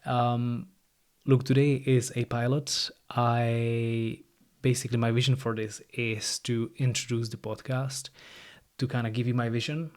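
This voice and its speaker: A man's voice: mid-range voice, level tone, a little slow. Chatty man with a light Irish tinge. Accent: non-native English with a light Irish tinge. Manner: casual and chatty, often starts sentences with "look" and "like". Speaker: podcast host. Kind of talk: solo podcast monologue. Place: studio. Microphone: new studio microphone.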